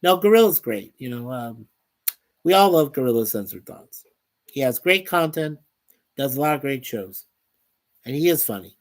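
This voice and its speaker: A man hosting a casual live stream, reading viewer comments aloud in an unhurried way and chuckling often. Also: mid-range voice, animated. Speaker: livestream host reading chat.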